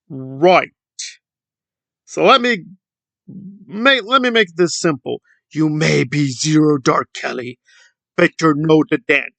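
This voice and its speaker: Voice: mid-range voice, expressive, normal speed, creaky, fairly bright tone, no room sound. A commentary YouTuber ranting in a sarcastic, scornful tone.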